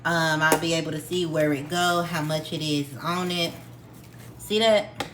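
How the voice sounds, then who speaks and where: A woman's voice: deep voice, steady tone, a little slow, noisy background. Chatty woman cooking at home. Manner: chatty, addresses viewers as y'all, homespun instructions. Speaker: cooking vlogger. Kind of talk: casual cooking tutorial. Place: home kitchen.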